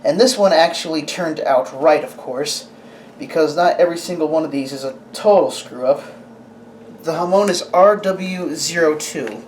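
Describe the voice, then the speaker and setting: Reviewing a sword on camera, a host speaks in a medium-pitched, slightly mellow voice with slight background noise. The talk is casual and rambling, halting with frequent restarts, and includes questions to the camera operator.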